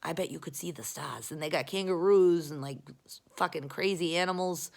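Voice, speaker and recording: A woman's voice: deep voice, a little fast, gravelly, darkish tone. A young woman, rambling casually and profanely to her viewers in a self-mocking way. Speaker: vlogger.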